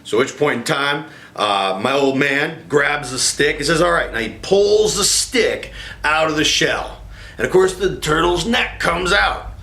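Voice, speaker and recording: A man's voice: a little high, unhurried. A man casually telling a story from his childhood, rambling with lots of fillers. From rural farm upbringing. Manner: relaxed, rambling, many fillers. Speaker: storyteller host. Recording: roomy echo with guitar music behind.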